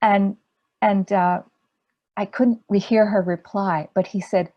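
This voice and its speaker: A woman meditation teacher giving a dharma talk in a gentle, unhurried way, asking rhetorical questions. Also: mid-range voice, steady tone.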